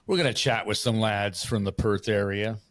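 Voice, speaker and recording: A man co-hosting a casual chat show with a low voice. He jokes and answers in short, quick remarks. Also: fairly bright tone, no room sound, studio quality. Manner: joking, brief replies. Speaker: podcast co-host.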